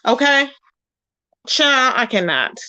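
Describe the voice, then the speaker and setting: A woman's voice: high voice, sing-song, takes it slowly, sharp tone, no room sound. A woman hosting a casual gossip commentary stream, sassy and blunt, scolding people she talks about and greeting viewers by name. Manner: sassy and blunt, scolding, frequent "child, okay?". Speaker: YouTube commentary host.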